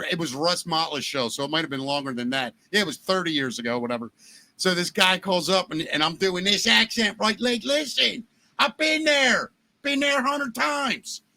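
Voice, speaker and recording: A middle-aged man with a Baltimore accent hosting a podcast, chatting casually and telling jokey, animated stories. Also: fairly high pitch. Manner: joking, animated storyteller. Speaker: podcast host. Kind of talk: casual chat.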